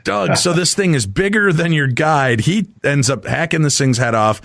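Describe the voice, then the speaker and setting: A male radio host with a gravelly, fry-laden voice interviews a guest. He fires off quick follow-up questions and mixes in jokes. The sound is close and dry. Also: a little high, animated, fairly bright tone, dry recording.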